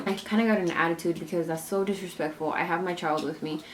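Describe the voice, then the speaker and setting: A woman's voice: fairly low pitch, steady tone, quick pace, few pauses, slight background noise. A young woman, a mother and vlogger, chatting through a storytime and acting out every exchange with lots of "like.". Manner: chatty, retells scenes with many "like"s and quoted dialogue. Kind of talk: casual storytime vlog.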